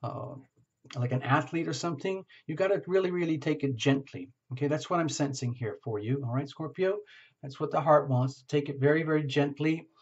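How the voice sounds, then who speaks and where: Male tarot reader, slightly high voice, gentle and meandering, muffled lo-fi recording. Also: a little fast. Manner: gentle, rambling, reassuring with frequent "okay?". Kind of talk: casual tarot reading to camera.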